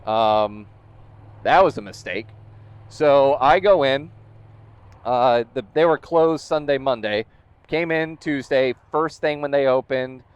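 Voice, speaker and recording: A man's voice: mid-range voice, takes it slowly, clean tone, no echo, muffled recording. A man vlogging about his motorcycle, retelling events with exasperation and quoted dialogue. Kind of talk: casual storytelling vlog.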